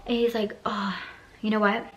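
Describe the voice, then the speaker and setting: A woman in her twenties telling a personal story on her vlog, animated, swearing freely and acting out both sides of the conversation. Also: medium pitch, normal speed, muffled recording, slight background noise. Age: 20s. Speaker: beauty vlogger.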